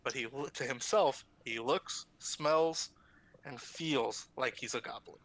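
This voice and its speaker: A man's voice: medium pitch, takes it slowly, fairly bright tone, low-quality recording. A man narrating as game master of a tabletop game, with hesitant restarts.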